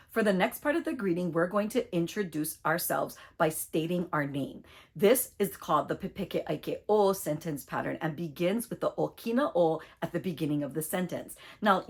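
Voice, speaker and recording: A woman teaching a short online language lesson, speaking clearly and deliberately as she leads repeat-after-me drills. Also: lowish voice.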